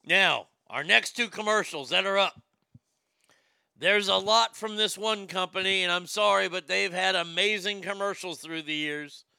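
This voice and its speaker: Brief: middle-aged male host, high-pitched and gravelly, profane comic ranting. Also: moderate pace, no room sound, clean studio sound. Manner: loud, profane, animated, repeats himself. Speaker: show host. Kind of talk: profane comedic rant and show segment.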